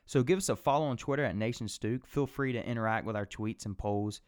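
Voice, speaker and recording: Young man, smooth and clear, spins rowdy stories with acted-out quotes for a podcast. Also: medium pitch, brisk. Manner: animated storytelling, swearing, acting out quotes. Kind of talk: casual podcast chat.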